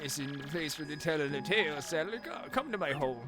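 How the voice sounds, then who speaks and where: A man's voice: on the high side, animated, fairly quick, close to an everyday voice. A man voicing a fretful, rambling elderly male town mayor, talking stiffly without moving his lips. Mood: worried. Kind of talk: reading game dialogue aloud in character.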